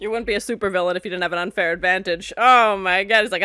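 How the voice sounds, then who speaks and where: A young woman hosting a movie reaction, excitable and laughing often as she acts out the characters. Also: medium pitch, quick pace, loud music behind the voice. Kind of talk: casual movie reaction commentary.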